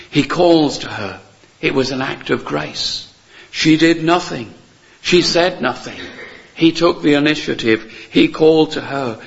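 A man's voice: medium pitch, vocal fry, highs cut off. A man preaching a sermon in an earnest, emphatic way, repeating key phrases and asking rhetorical questions.

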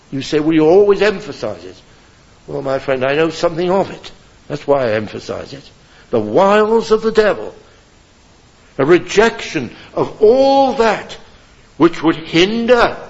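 Male preacher in a pulpit, slow and fervent, muffled old recording. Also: fairly high pitch. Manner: impassioned, emphatic, with dramatic swings of loudness. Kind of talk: sermon. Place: church pulpit.

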